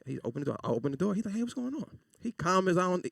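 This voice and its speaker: Animated fast-talking man in his thirties. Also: sits high, vocal fry, husky, no room sound, clean studio sound, distant mic. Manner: animated storyteller, acts out voices. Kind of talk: casual chat.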